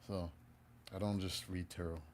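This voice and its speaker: Man, tarot reader, casual live reading, joking and chatty, fairly low voice. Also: little pitch movement, normal speed, darkish tone, a little hiss or hum.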